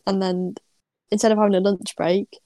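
A woman's voice: medium pitch, flat delivery, moderate pace, dark tone, no echo. An English woman co-hosting a podcast, chatting casually and teasing her co-host. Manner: laughs along, teasing. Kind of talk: casual comedic chat.

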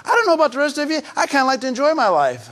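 An older man delivers a sermon in a high, tenor voice. He climbs into emphatic, raised passages and then drops to soft, near-confiding tones, often stumbling and repeating words as he goes. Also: wildly swooping pitch, very fast. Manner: swings between raised emphatic preaching and soft hushed confiding; repeats and restarts phrases. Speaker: pastor.

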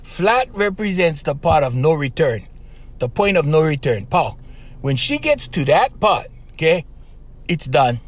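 A man's voice: fairly high pitch, big pitch swings, unhurried. A man hosting a podcast, giving relationship advice in an emphatic, casual monologue that keeps checking in with "okay" and "right.". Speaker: podcast host.

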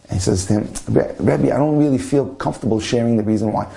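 A man tells a story in a warm, mellow voice. He acts out the lines of the people in it as he goes. He sounds like he is speaking to a listener in the room. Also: mid-range voice, fast talker, gravelly. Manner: animated storyteller acting out dialogue.

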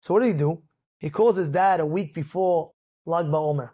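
High-voiced, animated storytelling rabbi. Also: male voice, normal speed, husky. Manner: animated and dramatic, acts out the characters, rises to shouts at peaks. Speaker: rabbi telling an inspirational story. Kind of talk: storytelling sermon.

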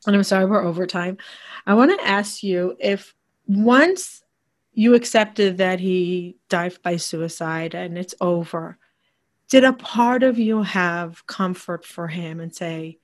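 A woman with a lowish voice speaks slowly while hosting a conversational interview. She's chatty and effusive, often restarting her sentences.

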